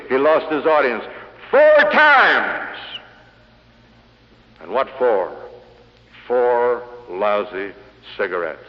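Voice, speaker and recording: In a large hall, a sales speaker with a mid-range voice gives a speech on selling to a live audience, captured on a lo-fi old vinyl recording. He tells stories punchily and leans on rhetorical questions.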